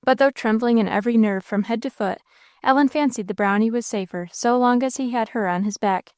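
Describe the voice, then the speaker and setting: A woman's voice: a little high, brisk, dry recording, studio quality. Woman narrating a classic novel. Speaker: audiobook narrator. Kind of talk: scripted narration.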